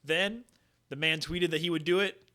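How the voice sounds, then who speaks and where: A man co-hosting a casual sports podcast, joking loosely and reading out stats quickly. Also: on the high side, bright, forceful tone. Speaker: podcast co-host.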